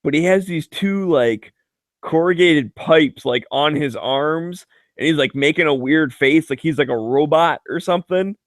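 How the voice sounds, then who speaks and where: A man's voice: on the high side, measured pace, no echo, studio quality. A man in casual chat, telling joking, profane stories full of filler words and frequent laughter. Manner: loose filler-heavy delivery with many "like"s. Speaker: chat regular.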